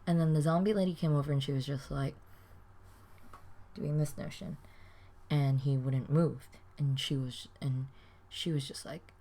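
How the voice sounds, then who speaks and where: A woman's voice: low voice, animated, normal speed, warm tone. A young woman, telling a rambling, swear-filled weekend story in a casual vlog, full of "like"s. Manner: rambling, swears a lot, many "like"s. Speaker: vlogger.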